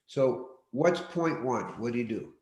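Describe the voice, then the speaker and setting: A man leading an online workshop, speaking in a deliberate, directive way and often repeating his key points. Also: mid-range voice, expressive, a little mellow. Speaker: workshop teacher. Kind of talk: live online teaching session. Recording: roomy echo.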